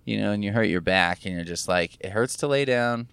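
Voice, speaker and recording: A man's voice: on the low side, fairly quick, creaky, fairly bright tone, clean tone, dry recording. A man talking casually to camera in a rambling, musing monologue, sore from recent gum surgery, swearing offhandedly as he thinks aloud. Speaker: vlogger. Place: in a car.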